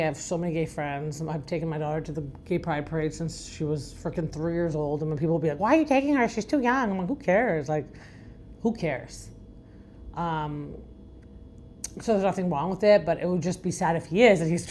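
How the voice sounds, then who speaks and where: Middle-aged woman from Iran, deep and raspy, frank chatty podcast host who rambles. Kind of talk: casual recap chat.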